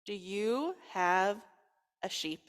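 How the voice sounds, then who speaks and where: Woman doing a calm, wise rabbi, slow and matter-of-fact, echoing hall. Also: medium pitch, smooth. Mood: knowing. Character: calm, knowing woman rabbi giving odd advice. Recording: long reverb in a large hall.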